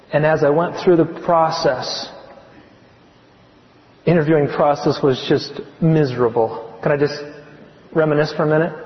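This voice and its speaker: Male professor, earnest testimony, slightly high voice, muffled hall recording. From California. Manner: earnest, confiding, slows and softens on heartfelt points. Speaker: chemistry professor giving a testimony. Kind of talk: personal testimony talk. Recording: echoey hall, muffled sound.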